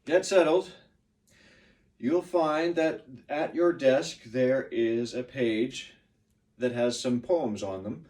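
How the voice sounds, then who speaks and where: A man teaching a pronunciation lesson to a class, patient and lively, exaggerating the stressed words. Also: medium pitch, slow pace, distant mic.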